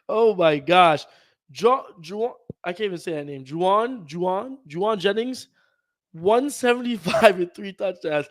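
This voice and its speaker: A young man hosting a casual sports podcast, reading chat messages aloud and joking in fast slangy banter. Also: high voice, fairly bright tone. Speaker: podcast host.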